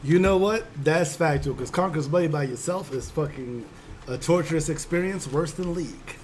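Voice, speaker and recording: A man narrating as game master in a casual, profane, animated storytelling style. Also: a little high, moderate pace, slight background noise.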